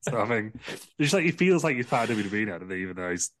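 A man's voice: on the low side, big pitch swings, very fast, slight background noise. A man co-hosting a podcast, chatting in a rambling, casual way with many fillers. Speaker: podcast co-host. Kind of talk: casual chat.

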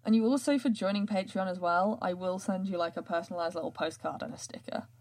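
A woman's voice: fairly low pitch, quick pace, a little mellow. A woman, hosting a podcast in casual chat, rambling with many fillers and frequent laughs. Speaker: podcast host and writer.

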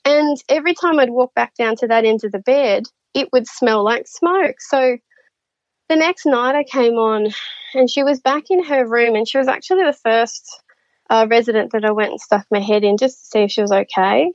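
Aussie woman telling stories, kinda high voice, laughs a lot, dry slightly dull audio. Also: normal speed, no room sound. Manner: animated, laughs often, acts out quotes. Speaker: guest, nurse and medium. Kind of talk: casual storytelling chat.

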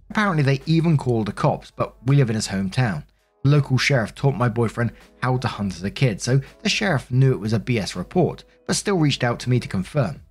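A man's voice: mid-range voice, darkish tone. A British man narrating posts from an online forum and adding his own blunt, casually sworn comments. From United Kingdom. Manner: blunt, swears casually in asides. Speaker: storytelling channel narrator.

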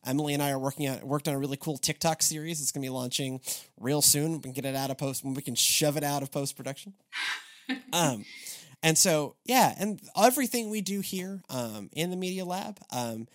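A man hosting a church podcast in casual chat, rambling with restarts and animated asides. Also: fairly high pitch, brisk. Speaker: podcast host.

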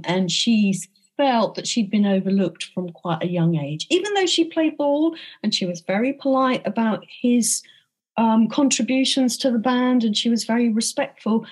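Thoughtful woman, slightly high voice. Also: a little mellow. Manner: thoughtful, with frequent ums and restarts. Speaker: author and interview guest. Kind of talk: conversational interview.

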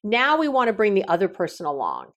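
Talking a little fast with a medium-pitched voice, a middle-aged relationship coach and consultant gives advice on a podcast. Her stories are lively, and she performs the dialogue of the people she quotes.

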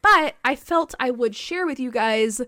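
Chatty, excitable woman, filler-heavy. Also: high voice, a little slow. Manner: chatty, peppered with "like", excitable, swears casually. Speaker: podcast co-host. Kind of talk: casual history chat.

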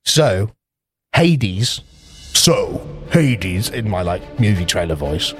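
A man co-hosting a casual podcast, rambling through a playful movie pitch and slipping into quick character voices. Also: big pitch swings, faint music behind. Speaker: podcast co-host. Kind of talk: casual chat.

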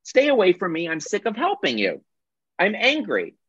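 A man's voice: high voice, huge pitch swings, moderate pace, fairly bright tone, slightly rough, no echo, pitched above the performer's own voice, exaggerated voice. A man voicing a resentful adult in the persecutor role, accusing and indignant, over dull, dry call audio.

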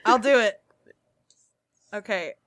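A woman's voice: mid-range voice, takes it slowly, fairly bright tone. A woman co-hosting a comedy podcast, reading listener reviews aloud in a giggly, casual way over a video call. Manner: giggly, laughs often.

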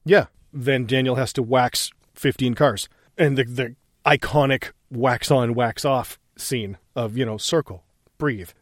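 Man, mid-pitched voice, film recaps, quoted lines, dry close mic. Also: measured pace, no room sound. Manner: retells film scenes, quoting lines. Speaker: podcast co-host. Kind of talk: casual chat.

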